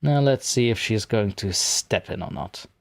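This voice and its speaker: A man chatting casually on a live stream, rambling and poking fun at himself as he fumbles with his software. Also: fairly low pitch, normal speed, creaky, dry recording. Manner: rambling, self-mocking, talks to himself while fiddling with software.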